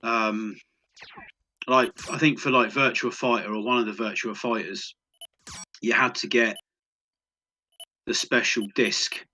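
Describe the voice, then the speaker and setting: A man's voice: mid-range voice, steady tone, measured pace, long pauses, bright, forceful tone. Chatty man explaining with many fillers. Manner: knowledgeable, hesitant with fillers, laughs often. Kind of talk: casual chat.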